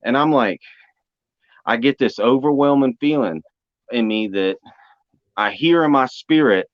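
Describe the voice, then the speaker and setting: A young man telling a spiritual testimony story, animated and acting out the voices he quotes. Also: medium pitch, a little slow, no echo. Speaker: speaker giving testimony. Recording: dry, dull lo-fi audio.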